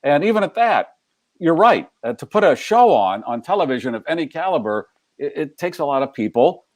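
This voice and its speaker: A man's voice: a little high, big pitch swings, brisk, dry recording. An older American man from the United States, hosting a talk show in a joking, playful way and riffing with puns. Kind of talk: casual interview chat.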